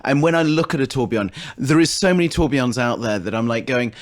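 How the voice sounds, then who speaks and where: A man's voice: medium pitch, quick pace. A man co-hosting a casual podcast chat, rambling and often restarting his sentences. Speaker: podcast co-host.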